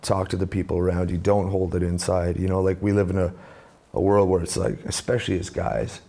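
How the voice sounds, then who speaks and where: Gravelly, dark-voiced man telling his story. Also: low voice, brisk. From Canada. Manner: animated storyteller, acts out quoted voices. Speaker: guest, musician and speaker. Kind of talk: conversational storytelling.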